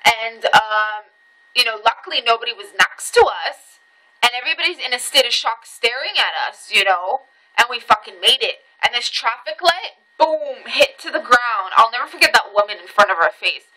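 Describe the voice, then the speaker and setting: Bright high-ish woman vlogging, swears a lot, gets squeaky at the scary bits. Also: normal speed, rough recording. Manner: animated, swearing, voice jumps high when reliving tense moments. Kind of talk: casual storytelling.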